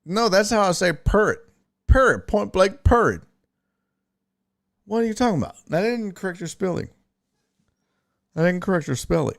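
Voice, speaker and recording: A man's voice: high-pitched, fairly quick, vocal fry, long pauses. A man hosting a casual sports talk stream, reading chat aloud and giving blunt, profane, mocking takes. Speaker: streaming sports show host.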